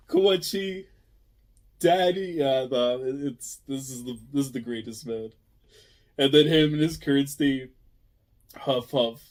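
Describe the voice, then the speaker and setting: A young man hosting an emotional reaction review of a comic chapter, excitable and slangy, swinging from hushed murmurs to near shouts. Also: on the high side, unhurried. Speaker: channel host reviewing a manga chapter.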